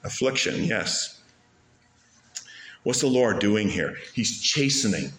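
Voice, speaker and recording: A man preaching a sermon as pastor, with animated delivery that rises sharply to stress key words. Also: lowish voice, takes it slowly, roomy sound.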